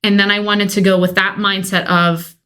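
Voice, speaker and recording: A woman's voice: medium pitch, moderate pace. Woman telling a heartfelt personal story. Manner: emotional, animated storytelling with acted-out quotes. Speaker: podcast co-host telling her adoption story. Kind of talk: casual storytelling chat.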